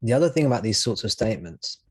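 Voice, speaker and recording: A man's voice: on the low side, sing-song, quick pace, slightly rough, no echo. A man teaching at a live satsang, speaking reflectively and thinking aloud, with frequent restarts as he searches for words. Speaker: spiritual teacher.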